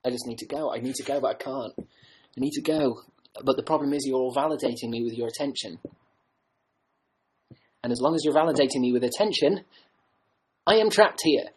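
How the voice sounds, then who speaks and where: A man chatting loosely to his livestream viewers, his voice slightly husky. He jokes at his own expense and wanders from thought to thought. He is heard through a home webcam mic. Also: medium pitch, fairly quick, pauses often, poor audio. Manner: joking, rambling, self-mocking. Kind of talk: rambling casual livestream chat.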